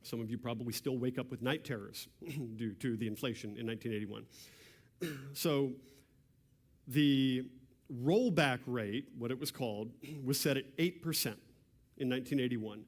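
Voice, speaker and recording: A man giving an explanatory lecture with slides to an audience, halting, with frequent restarts and throat clearing. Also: mid-range voice. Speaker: presenter at a church civics class. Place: meeting room with an audience. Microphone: microphone.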